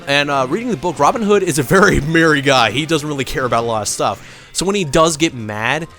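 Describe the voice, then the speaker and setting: Lively man rambling over a game. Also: a little high, fairly quick, soft background music. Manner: rambling storytelling with fillers and swearing at the game. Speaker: let's play commentator. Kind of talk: casual gameplay commentary.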